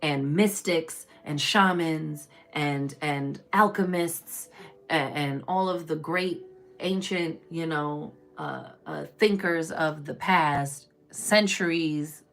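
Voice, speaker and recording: A woman giving a casual spiritual tarot reading on a live stream, chatty and preachy, calling her listeners baby and y'all, swinging from loud emphatic bursts to low murmurs. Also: takes it slowly. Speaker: tarot reader.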